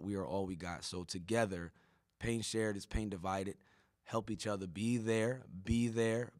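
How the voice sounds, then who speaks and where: A man hosts a casual podcast chat with a low, quick delivery. He talks bluntly and swears often, pushing his listeners with a preachy pep talk. His voice sounds dry and close. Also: no room sound. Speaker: podcast host.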